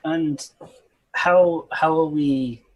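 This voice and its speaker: A man's voice: fairly high pitch, steady tone, very slow, rough recording. A man player in a tabletop game, laid-back and a little unsure as he describes his character. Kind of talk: tabletop role-play.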